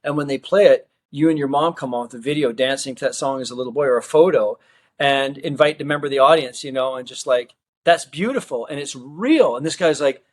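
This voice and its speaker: A man's voice: medium pitch, quick pace. A middle-aged man from Australia, a magician guest, telling stories in a casual interview and acting out what people said. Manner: animated storyteller who acts out quoted dialogue.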